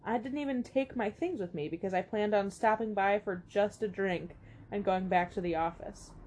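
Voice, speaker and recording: A woman's voice: mid-range voice, moderate pace, a little mellow, slight background noise. A woman co-hosting a podcast, reading stories and reacting bluntly with plenty of swearing. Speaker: podcast co-host. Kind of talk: casual chat, reading listener stories aloud.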